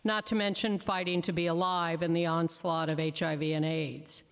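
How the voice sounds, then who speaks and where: A woman giving prepared testimony at a council hearing, emphatic and deliberate, slowing down to stress each word of a list. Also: on the low side, level tone, smooth, big-room sound. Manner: emphatic, deliberate, slows on lists. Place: council chamber.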